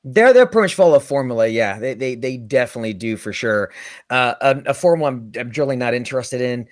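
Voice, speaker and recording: A man's voice: medium pitch, animated, quick pace, dry recording, clean studio sound. A man co-hosting a casual recruiting talk show, rambling and self-deprecating, often repeating his words. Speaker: podcast co-host, recruiter. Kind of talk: casual chat.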